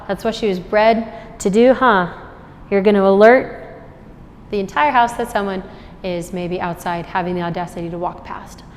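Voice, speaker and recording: A woman trainer explains her steps while working with a puppy inside a store, praising it in a high, cheerful voice in between. She speaks at normal speed, and the room leaves a long reverb tail.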